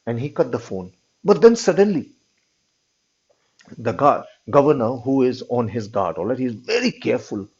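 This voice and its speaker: A man's voice: medium pitch, big pitch swings, fairly quick, hardly any pauses, breathy edge. A male teacher, retelling a story to his class in his own words and often checking in with "all right?". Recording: dull lo-fi recording.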